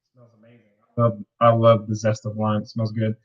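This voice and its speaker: A man hosting a home cooking video, talking viewers through each step in a relaxed, rambling way with playful wordplay. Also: on the low side, fairly quick, highs cut off. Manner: chatty, rambling, plays with words. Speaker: cooking show host. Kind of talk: casual cooking demonstration.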